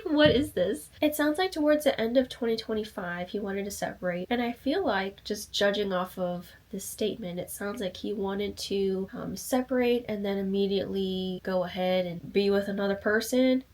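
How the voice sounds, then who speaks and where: A woman hosting a casual commentary video, reading out comments and reacting to them. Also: medium pitch. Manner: chatty, reads comments aloud and reacts. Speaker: commentary channel host.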